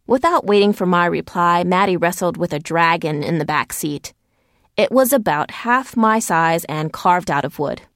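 Low-voiced woman narrating a storybook. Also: animated, normal speed, no room sound, studio quality. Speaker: audiobook narrator. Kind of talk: first-person storybook narration.

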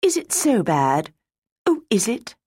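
A woman's voice: on the high side, huge pitch swings, a little slow, dark tone, husky, no echo, voice pushed up, exaggerated voice. A woman playing a frightened, pleading young mother. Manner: pleading, breathless.

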